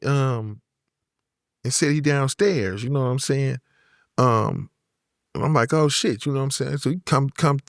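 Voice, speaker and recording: A man's voice: medium pitch, no room sound, clean studio sound. A man in his fifties from Oakland with a Bay Area accent, telling stories in a laid-back way, full of "you know what I'm saying" and acted-out voices. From Oakland, California. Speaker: guest rapper. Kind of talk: casual storytelling.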